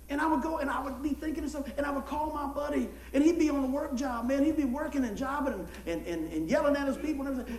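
A man preaching with a strikingly high voice, spinning folksy stories and slipping into the voices of the people in them. He sounds like he's in an echoey room with a faint hiss of noise behind him. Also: racing, few pauses. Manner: folksy, animated storytelling with acted-out quotes and laughter. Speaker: pastor. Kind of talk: storytelling sermon.

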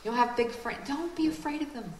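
A woman giving a lively, conversational sermon with quick asides. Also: sits high, reverberant, poor audio. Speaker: speaker.

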